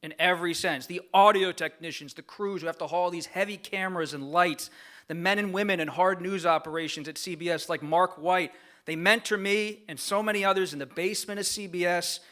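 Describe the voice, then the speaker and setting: A man's voice: high-pitched, fairly quick, bright, forceful tone. A man giving a formal, earnest acceptance speech at a gala, reading prepared remarks of thanks from a podium microphone. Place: large gala banquet room.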